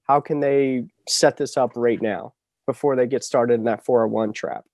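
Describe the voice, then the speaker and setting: A man's voice: mid-range voice, fairly even intonation, normal speed, darkish tone, no echo, clean studio sound. Friendly male co-host, hesitant. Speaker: podcast co-host. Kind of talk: casual interview hosting.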